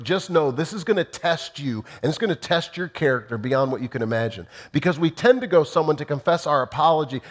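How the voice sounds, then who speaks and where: Man preaching with emphatic questions. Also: on the high side. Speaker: pastor. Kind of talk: sermon.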